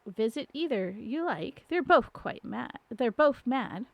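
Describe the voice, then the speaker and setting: Woman doing a chill riddling grin cat, slow and teasing, a bit high and gravelly, storybook read. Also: animated, no room sound, full character voice. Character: grinning Cheshire cat, calm, riddling, unbothered. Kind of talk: storybook reading on a live stream.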